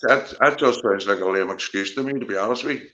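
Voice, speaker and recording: A man's voice: lowish voice, fast, bright, forceful tone, lo-fi sound. A man who has been drinking whiskey, joining a stream for loose, laughing banter. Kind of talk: casual banter.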